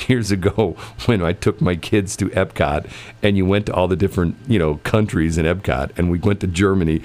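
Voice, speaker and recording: A man's voice: low-pitched, normal speed, darkish tone. A middle-aged man hosting a radio show, telling rambling stories in casual chat, laughing often and restarting his sentences. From United States. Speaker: radio host.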